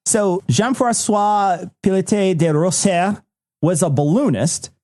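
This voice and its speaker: A man's voice: high voice, slow, darkish tone. A man hosting a comedy podcast, reading out facts in a wry, matter-of-fact way with joking asides. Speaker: podcast host reading the list.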